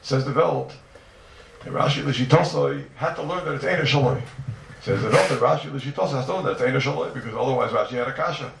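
A man teaching a yeshiva-style Talmud class to students, animated and firing rhetorical questions at them. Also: medium pitch, fast talker, vocal fry. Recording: roomy, distant mic, noisy ambience.

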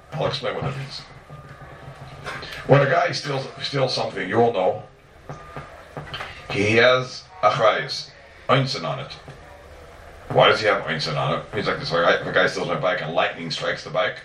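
A man's voice: fairly low pitch, a bit bright, a little hiss or hum. A man teaching a Talmud class, restating his points and posing rhetorical questions he then answers. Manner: repeats and restates points emphatically. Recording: echoey room, mic at a distance.

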